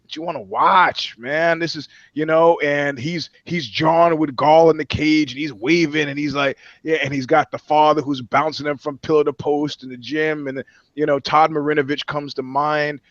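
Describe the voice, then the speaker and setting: A man rambles through a comedy podcast chat, swearing freely and riffing with jokes. His voice sits a little high. The sound is dry and a bit dull and lo-fi. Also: moderate pace, a bit bright, dry recording. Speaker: podcast co-host.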